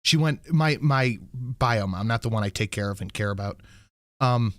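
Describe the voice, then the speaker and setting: A man hosting a podcast, telling an angry story full of swearing and quoting himself loudly. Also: medium pitch, normal speed, no echo, clean studio sound. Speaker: podcast host. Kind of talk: casual ranting chat.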